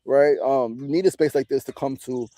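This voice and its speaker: A man's voice: medium pitch, fairly even intonation, brisk, mellow, dry recording. A man in his forties from New City, talking candidly in a reflective casual monologue, often swearing and tagging his points with "right?". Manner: candid, profane, often tags lines with "right?". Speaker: podcast host and meditation teacher.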